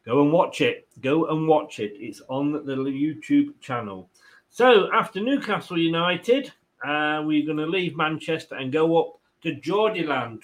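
A man's voice: on the high side, lively intonation, unhurried. A man hosting a casual football chat, reading viewer comments, chatty and rambling, laughing often. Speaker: football channel host.

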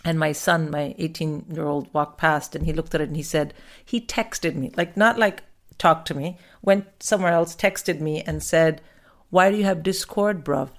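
Woman in her forties from India, podcast guest; low-set, lively, salty casual chat. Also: normal speed. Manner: animated, swears freely, acts out quotes.

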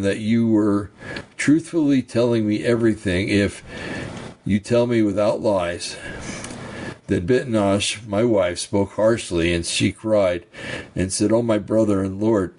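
A man teaching from ancient texts, reading passages slowly and breaking off for casual comments and throat-clearing. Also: fairly low pitch, a little mellow, slight background noise. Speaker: bible teacher. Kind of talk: reading scripture and commentary, informal asides.

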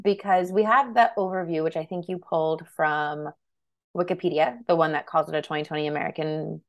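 A woman's voice: low voice, fairly even intonation, fairly quick. A woman co-hosting a film podcast in casual chat, playful, teasing and opinionated. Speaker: podcast co-host.

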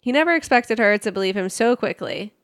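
A woman's voice: medium pitch, expressive, fairly quick, a bit bright, no room sound, studio quality. A young adult woman co-hosting a podcast, reading book quotes in casual chat, sarcastic and laughing often. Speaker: podcast co-host.

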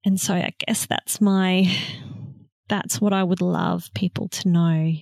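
A woman guest on a podcast, speaking in a soft, slow, heartfelt way with long pauses. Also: lowish voice, fairly even intonation, gravelly, no echo, clean studio sound. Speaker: guest, motherhood facilitator. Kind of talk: slow reflective conversation.

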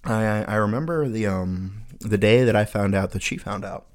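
A man's voice: lowish voice, normal speed. A young man on a podcast, telling crude, profane stories in casual chat with a co-host. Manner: crude, storytelling, swears often.

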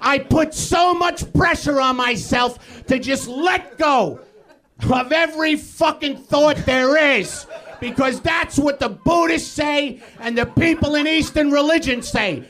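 A male comedian on a live stage, shouting an exasperated, profane rant. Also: very high-pitched, measured pace. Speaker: comedian guest.

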